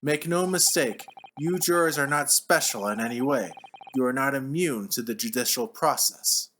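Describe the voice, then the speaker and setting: A man's voice: medium pitch, moderate pace, fairly bright tone, slight background noise, lightly acted. A man voicing a cold, haughty aristocratic prosecutor, disdainful in tone, as he reads game dialogue aloud.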